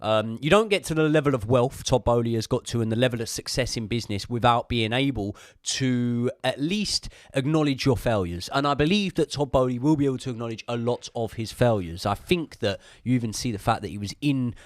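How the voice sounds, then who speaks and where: In a podcast room, a male host talks football casually, giving strong opinions, swearing freely and wandering into rambling asides. His medium-pitched voice is brisk with few pauses, recorded at studio quality with no room sound.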